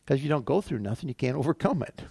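Gravelly-voiced man preaching conversationally. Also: mid-range voice, expressive, very fast, warm tone, dry recording, clean studio sound. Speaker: pastor. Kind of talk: sermon.

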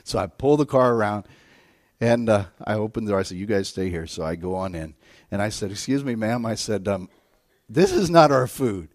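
Middle-aged man, sermon, storytelling, hushed to loud swings, dry close sound. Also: lowish voice, brisk, dry recording. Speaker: guest preacher.

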